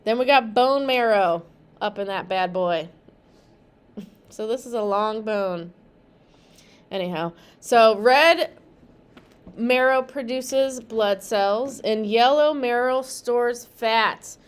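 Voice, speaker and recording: A woman's voice: on the high side, slow, long pauses, clean tone. A young woman teaching anatomy for massage exam prep, chatty and joking, laughing often between points. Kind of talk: casual classroom lecture.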